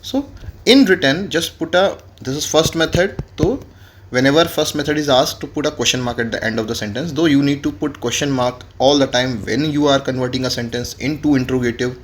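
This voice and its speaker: A man's voice: medium pitch, a little fast, slight background noise. A man, teaching French grammar in a classroom lesson and spelling words out letter by letter. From India.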